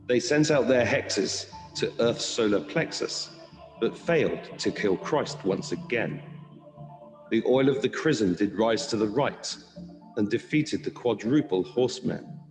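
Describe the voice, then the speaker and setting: Man slowly reciting a solemn poem. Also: fairly low pitch. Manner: slow, solemn rhyming recital. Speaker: poet reading his poem. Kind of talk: recited poem over music. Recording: roomy reverb with music behind.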